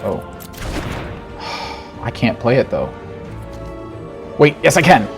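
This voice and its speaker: A man giving casual, animated commentary on his own card game, talking to himself and joking through his frustration. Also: mid-range voice, slow pace, music in the background. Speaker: game streamer. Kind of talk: gameplay commentary.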